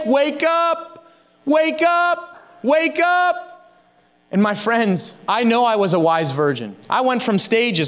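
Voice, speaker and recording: Casual: guy pastor preaching hard at the congregation, pretty high voice, young. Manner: fervent, exhorting the congregation. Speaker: guest pastor. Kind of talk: sermon.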